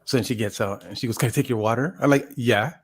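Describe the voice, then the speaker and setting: A man's voice: mid-range voice, fast, breathy edge. A man casually telling a long story on a podcast, rambling with lots of fillers and restarts and acting out what people said. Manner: rambling, full of "like" and restarts, acts out quotes. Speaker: podcast co-host.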